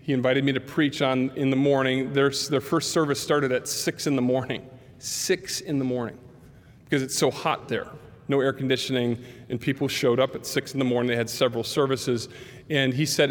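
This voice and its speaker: A man's voice: mid-range voice, moderate pace. A man preaching a sermon as a pastor, telling stories and acting out the voices in them. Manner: animated storyteller acting out quotes. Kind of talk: sermon storytelling. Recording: long hall reverb.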